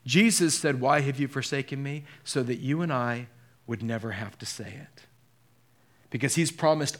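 A man from Southern California preaching a sermon in an earnest way that builds to impassioned peaks. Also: a little high. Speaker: pastor.

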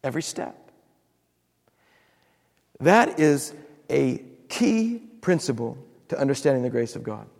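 A man's voice: mid-range voice, very animated, a little slow, gravelly, long pauses, a little mellow, in a large hall. A man preaching a sermon as pastor, acting out quotes and repeating words for emphasis.

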